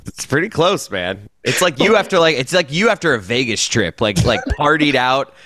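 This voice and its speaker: A man's voice: mid-range voice, sing-song, moderate pace, sharp tone. Laid-back male podcast co-host. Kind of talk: casual chat.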